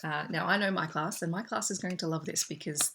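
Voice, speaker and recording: A young Australian woman with a notably low voice chats enthusiastically about books she teaches with. She holds up pages as she goes. Faint noise sits under the recording. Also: a little fast, vocal fry, pushed and bright. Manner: chatty, enthusiastic, shows pages to camera. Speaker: teacher and book vlogger. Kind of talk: casual book haul chat.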